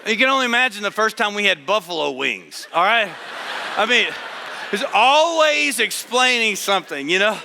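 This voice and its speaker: A man's voice: high-pitched, lively intonation, normal speed, gravelly, pushed and bright, slight background noise. A middle-aged man giving a chapel sermon, telling stories in a humorous, conversational way. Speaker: chapel speaker. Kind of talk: storytelling sermon. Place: large chapel hall. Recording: long hall reverb.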